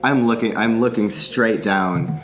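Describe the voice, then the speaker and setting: A man with a fairly low voice tells a long tale with lively energy, laughing and swearing as he goes. Soft music plays faintly in the background. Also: unhurried. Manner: animated storyteller, swears freely, laughs often. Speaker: podcast guest, musician. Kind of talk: casual storytelling.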